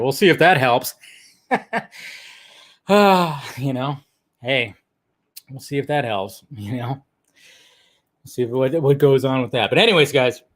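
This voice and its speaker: A man's voice: mid-range voice, a bit bright. A man hosting a casual live stream, greeting viewers in the chat by name and rambling in upbeat asides. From California. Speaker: livestream host.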